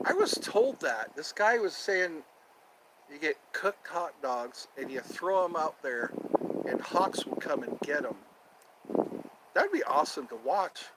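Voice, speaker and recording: A man's voice: a little high, big pitch swings, unhurried, very noisy. A man hosting a casual solo livestream from outdoors near his home, rambling and repeating himself as he thinks aloud. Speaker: livestream host.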